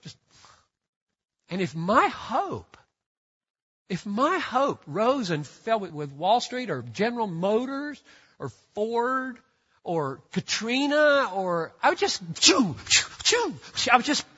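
A man preaches in a measured, unhurried sermon, his voice high and bright. He leans hard on emphasis and climbs into fervent, repeated declarations. The sound is a little dull and rings with long reverb in a church sanctuary. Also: sing-song, breathy edge. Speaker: pastor.

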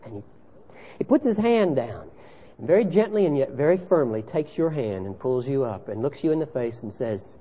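A man preaching a sermon with passion, his voice swinging from loud declarations to hushed storytelling. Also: mid-range voice, big pitch swings, moderate pace, slight background noise. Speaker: pastor. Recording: dull lo-fi sermon recording.

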